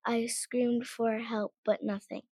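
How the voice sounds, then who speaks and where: Slow, earnest young story reader. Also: female voice, fairly high pitch, level tone, warm tone, slightly rough, no room sound. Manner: earnest, halting reading. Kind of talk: reading her own story aloud.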